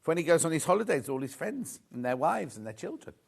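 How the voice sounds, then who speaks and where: A middle-aged man presents a live fabric sales show in a TV studio. He talks in a gushing, chatty way and teases the crew. His voice sits a little high and swings up and down a lot. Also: sing-song, fast, gravelly, husky. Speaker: shopping channel host.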